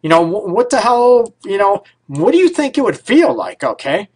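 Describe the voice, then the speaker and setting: A man's voice: high voice, big pitch swings, moderate pace, darkish tone, breathy edge. A man hosting a live radio relationship advice show, talking bluntly and emphatically in a casual way, with mild swearing. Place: radio studio.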